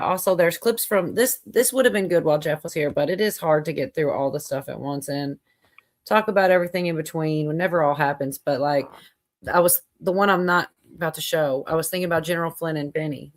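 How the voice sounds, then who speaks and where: A woman's voice: sits low, brisk. A woman hosting a casual livestream chat, rambling with lots of fillers and frequent laughter. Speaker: livestream host.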